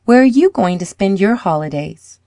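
A woman reading the lines of an eager, boastful schoolboy in a storybook, lifting her voice with excitement. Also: lowish voice, normal speed, no echo, clean studio sound, close to an everyday voice.

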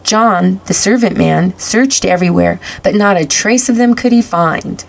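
A woman reads a classic children's story aloud at a steady pace. Her voice sits in a middle register, and her reading is clear and expressive. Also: mid-range voice, a little slow. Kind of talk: read-aloud storybook narration.

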